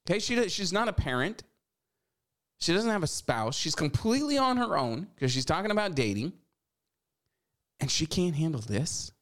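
Man in his forties, talk host, lively pitch, sarcastic, scolding. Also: normal speed, long pauses. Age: 40s. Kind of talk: opinion commentary.

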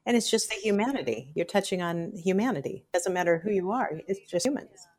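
A woman's voice: fairly low pitch, expressive, brisk, a little mellow. A woman hosting an interview, asking effusive, rambling questions full of compliments. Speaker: interviewer host. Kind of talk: casual interview.

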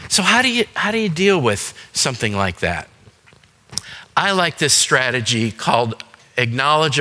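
A man's voice: mid-range voice, sharp tone. A man giving a church seminar talk on dementia caregiving, explaining in a conversational way with frequent "um" and "you know". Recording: echoey hall reverb.

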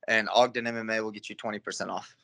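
Bright-voiced young man telling fight stories. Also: fairly low pitch, steady tone, racing. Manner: laid-back, swears freely, lots of fillers. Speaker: guest fighter. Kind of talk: casual interview storytelling.

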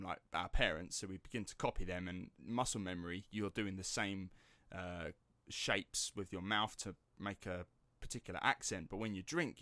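Podcast host, English man, Estuary accent, lively storyteller who swears casually, lowish voice. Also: no echo. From England. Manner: animated storyteller, swears freely. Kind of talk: casual chat.

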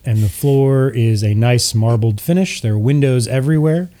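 A man's voice: medium pitch, normal speed, mellow. A young man running a tabletop game, narrating in an easygoing way with plenty of fillers. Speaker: game master.

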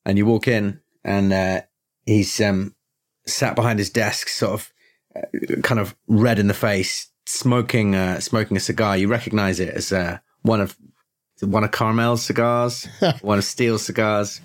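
A man narrating a tabletop horror game as game master, relaxed and full of hesitations. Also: lowish voice, measured pace.

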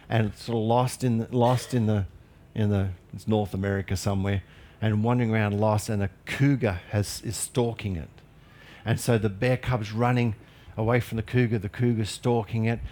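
A man's voice: mid-range voice, darkish tone. A male pastor preaching a sermon in an earnest, emphatic way with light humorous asides.

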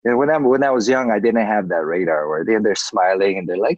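A man's voice: lowish voice, brisk, dry recording, dull audio. A man in his forties in casual chat, ranting heatedly and swearing freely. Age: 40s.

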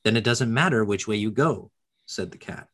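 A man voicing a grinning, cryptic cat while reading a story aloud, in a calm, matter-of-fact way. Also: on the low side, moderate pace.

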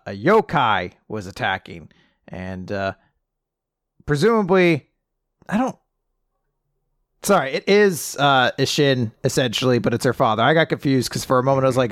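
Man, casual chat, animated retelling, middle pitch, dry close sound. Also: no room sound. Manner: animated retelling, quoting characters with quick voice shifts and laughs. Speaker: podcast co-host recapping a manga chapter.

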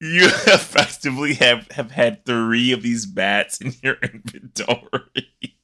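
A man's voice: mid-range voice, measured pace, heavy background noise. A man co-hosting a casual gaming podcast, sarcastic and swearing freely. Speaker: podcast co-host.

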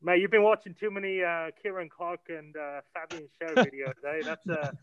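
A man's voice: a little high, steady tone, fairly quick, muffled recording, over a noisy crowd. A man chatting casually about football, swearing and laughing as he talks.

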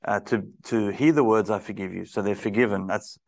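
A man's voice: lowish voice, fairly even intonation, a little fast, vocal fry, darkish tone. A man hosting an interview, affirming the guest and stammering over repeated words as he sums up. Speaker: interview host. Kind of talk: conversational interview.

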